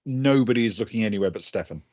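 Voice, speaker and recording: A man's voice: on the low side, animated, quick pace, darkish tone, dry recording. Guy running a tabletop game, chatty, um-heavy, lo-fi dry mic sound. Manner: chatty, laughing asides, many ums. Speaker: game master.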